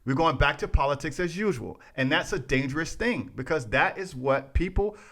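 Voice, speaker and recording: A man's voice: fairly high pitch, animated, moderate pace, a bit bright. A man co-hosting a podcast, ranting in casual chat, restarting phrases and talking straight to his listeners. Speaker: podcast co-host.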